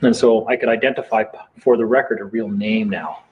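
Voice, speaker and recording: A man's voice: on the low side, fairly even intonation, fairly quick. A man telling a heated, defiant story in a casual late-night chat, swearing freely. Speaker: live stream participant. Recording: dull lo-fi sound with faint noise.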